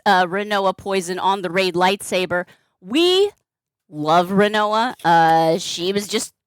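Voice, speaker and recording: A woman's voice: medium pitch, no echo, studio quality. A woman live-streaming as she twists balloons, chatting casually and greeting and thanking viewers by name, rambling with fillers and restarts. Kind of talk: casual live-stream chat while crafting.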